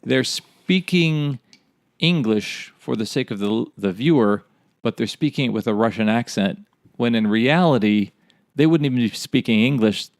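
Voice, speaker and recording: Gravelly-voiced man, dry close sound. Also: mid-range voice, expressive, normal speed, no room sound. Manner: rambling and speculative, laughs at himself. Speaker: podcast co-host. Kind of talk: casual chat.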